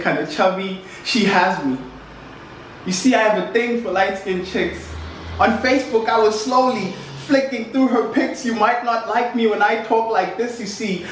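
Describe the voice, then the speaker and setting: Young south african guy doing spoken word, high voice, super echoey room, mic far away. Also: a little hiss or hum. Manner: rhythmic, impassioned recitation with repeated refrains. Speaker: poet. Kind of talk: spoken-word poetry performance. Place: office room.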